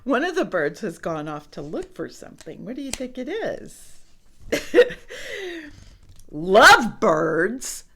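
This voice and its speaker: A woman's voice: mid-range voice, a little hiss or hum. A woman reading a picture book aloud to children, asking the listener questions about the pictures. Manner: slow, expressive, asks the listener questions. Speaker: storybook reader.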